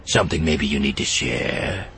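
Storybook alien detective, male, suspicious and blunt, very deep and deliberate, read by a male narrator. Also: gravelly, slight background noise, full character voice. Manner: slow, flat, accusing delivery.

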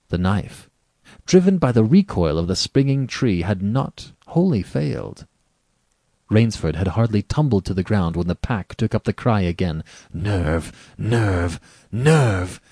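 A man narrating a story aloud in a measured, dramatic reading with varied delivery. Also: fairly low pitch, warm tone, dry recording.

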